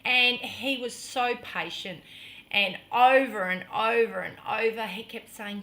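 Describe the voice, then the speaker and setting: A middle-aged woman vlogger telling a personal story in an earnest, dramatic way, sometimes dropping to a hush. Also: on the high side, measured pace. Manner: earnest, dramatic storytelling that drops to hushed tones.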